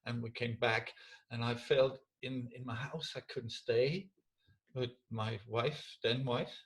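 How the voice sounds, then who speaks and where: Halting, emotional man. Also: medium pitch, fairly even intonation, low-quality recording. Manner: halting, restarts often, emotional. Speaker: storyteller. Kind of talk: casual reflective chat.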